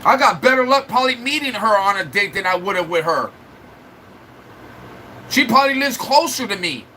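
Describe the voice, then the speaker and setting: A man's voice: sits high, animated, moderate pace, pushed and bright, slight background noise, low-quality recording. A man livestreaming in a casual chat, venting at length to his viewers in a rambling, upset way. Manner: rambling, restarts and fillers.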